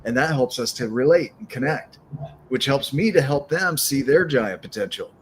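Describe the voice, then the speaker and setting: A man's voice: mid-range voice, animated, moderate pace, a little hiss or hum. A man hosting a podcast who talks in an earnest, encouraging way and keeps circling back to his point. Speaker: podcast host. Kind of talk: casual podcast conversation.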